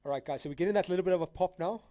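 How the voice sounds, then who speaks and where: Rapid-fire and warm, this man's high voice comes through a dry recording as he streams his trading live. He's casual and slangy, calling out trades, replying to chat, and calling people "guys" and "dude."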